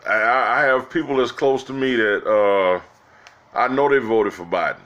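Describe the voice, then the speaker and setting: A man's voice: mid-range voice, normal speed, fairly bright tone, dull audio. A man giving rambling, exasperated political commentary to his viewers, with many restarts, calling them "guys" and "y'all". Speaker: political vlogger.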